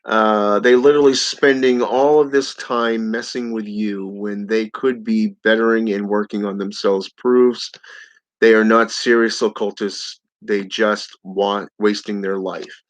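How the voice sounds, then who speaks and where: A man's voice: fairly low pitch, steady tone, unhurried. A man hosting his channel, reading viewer comments aloud in a casual live-stream chat and chuckling often. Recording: dull lo-fi audio.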